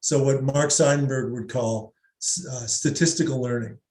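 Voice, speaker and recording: A psychologist guest, a man with a mid-range voice, explains things at a moderate pace in a discussion. He's an animated explainer who demonstrates pronunciations aloud, and the recording has a roomy echo.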